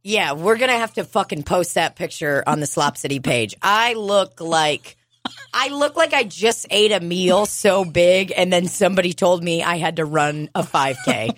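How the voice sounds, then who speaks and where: A woman co-hosting a podcast, telling animated stories in casual chat, swearing and laughing often. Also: fairly low pitch, moderate pace, no room sound. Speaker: podcast co-host.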